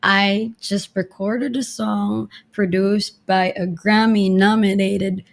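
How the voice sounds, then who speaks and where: A young woman singer from the Philippines, talking bubbly and warmly in a podcast interview over the internet, laughing often. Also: medium pitch, little pitch movement, creaky. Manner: bubbly, laughs often, rushes through thanks. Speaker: singer guest.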